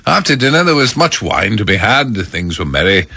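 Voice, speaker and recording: Deep-voiced wry radio presenter man. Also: big pitch swings, brisk, gravelly, bright, forceful tone, slightly rough, dry recording. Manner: wry, self-mocking, rambling banter. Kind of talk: breakfast radio chat. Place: radio studio. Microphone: studio microphone.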